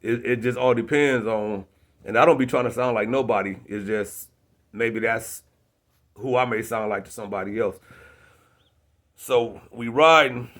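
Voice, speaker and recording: A man's voice: mid-range voice, normal speed, pauses often, fairly bright tone. A young man, a rapper, telling a casual story in street slang, often asking "you know what I'm saying". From South Bend, Indiana.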